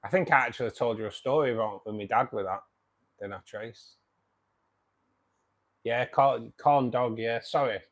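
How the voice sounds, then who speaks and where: With a mid-range voice, a moderate pace and long pauses, a British man reads viewer comments on his live stream. He chats in a casual, matey way, swears now and then, and often laughs softly.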